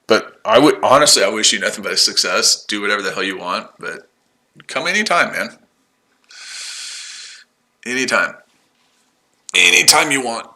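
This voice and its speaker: A man's voice: on the low side, animated, moderate pace, long pauses, sharp tone. A man in his forties talking casually on a livestream, combative and taunting, repeating himself. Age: 40s. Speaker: livestream host.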